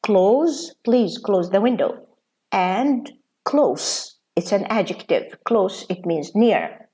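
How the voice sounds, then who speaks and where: A woman professor of English teaching a pronunciation lesson, talking slowly and deliberately with frequent fillers. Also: mid-range voice, lively intonation, dark tone.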